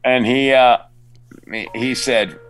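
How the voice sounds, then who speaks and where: A man, an actor being interviewed, telling animated anecdotes with many restarts and acting out the people he meets. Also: mid-range voice, slow. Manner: animated storyteller, acts out fans, stammering restarts. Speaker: actor guest. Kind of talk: casual interview storytelling.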